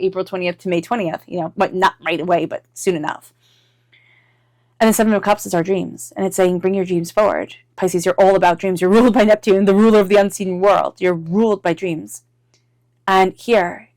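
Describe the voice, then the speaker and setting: A woman giving an intuitive tarot reading in a chatty, animated way, full of "like" fillers, sometimes acting out inner voices. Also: medium pitch, dry recording, clean studio sound. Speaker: tarot reader.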